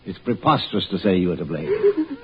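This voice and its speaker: An actor playing a calm, rational doctor in a 1940s radio horror drama, measured and soothing. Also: male voice, low voice. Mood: reasoning. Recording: muffled 1940s radio broadcast with faint hiss.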